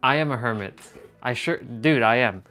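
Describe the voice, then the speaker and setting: A man's voice: mid-range voice, moderate pace, bright, forceful tone, faint music behind. Exasperated rambling young man. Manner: rambling and exasperated, with frequent laughs and casual swearing. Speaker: livestream host. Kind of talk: casual livestream chat.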